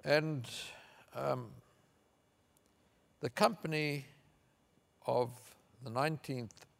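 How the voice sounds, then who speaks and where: An older man from Africa, giving a measured, anecdotal conference speech with fillers. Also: mid-range voice, steady tone, gravelly. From South Africa. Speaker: keynote speaker.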